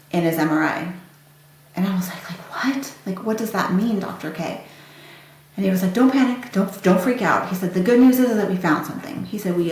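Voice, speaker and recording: A woman hosting a podcast, telling her listeners a personal story and acting out the conversations in quoted dialogue. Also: lowish voice. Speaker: podcast host. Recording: very echoey room.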